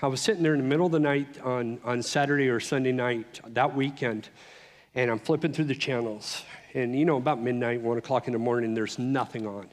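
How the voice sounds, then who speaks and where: A middle-aged man giving a personal testimony speech at a conference, telling his story in an animated way with frequent restarts. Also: mid-range voice, fairly quick. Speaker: conference speaker. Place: conference hall. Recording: long reverb of a large hall.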